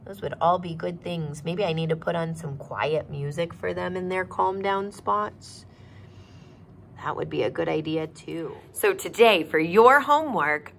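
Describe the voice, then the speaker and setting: A woman's voice: mid-range voice, slight background noise. Sing-song woman teaching small children. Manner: slow, sing-song and expressive, asking children questions. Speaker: preschool teacher. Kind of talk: virtual circle time lesson for young children. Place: office.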